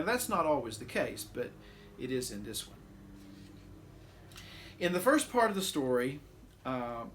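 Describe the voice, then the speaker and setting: A man teaching a bible lesson, speaking slowly and deliberately with frequent "uh" pauses, his voice rising sharply when he quotes. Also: medium pitch, a bit bright. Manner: slow and deliberate, many "uh" pauses, voice rises sharply when quoting. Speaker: pastor teaching scripture.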